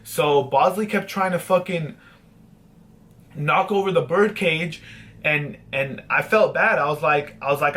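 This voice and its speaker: A man's voice: a little high, a little slow, a bit bright. A young man vlogging, telling a long casual story with swearing and mock-dramatic sad asides.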